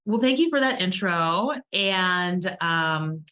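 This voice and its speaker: Chatty lady hosting a podcast, kinda low voice, laughs a lot. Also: expressive, takes it slowly, pushed and bright. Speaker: podcast host and law firm owner. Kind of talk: casual podcast chat.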